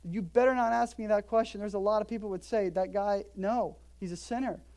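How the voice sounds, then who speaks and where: A woman's voice: medium pitch, brisk. A woman preaching an expository sermon in a church, talking conversationally and emphatically, with joking asides. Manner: emphatic, lively delivery. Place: church in Hawaii.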